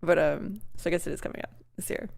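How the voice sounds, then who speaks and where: Giggly, rambling woman streamer with a gravelly edge. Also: on the low side, fast, a little mellow. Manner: giggly, rambling, many fillers and restarts. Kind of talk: casual live reaction chat.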